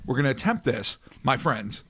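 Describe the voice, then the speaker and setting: A man co-hosting a podcast in casual chat, excitable, profane and joking. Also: medium pitch, normal speed, slight background noise. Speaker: podcast co-host.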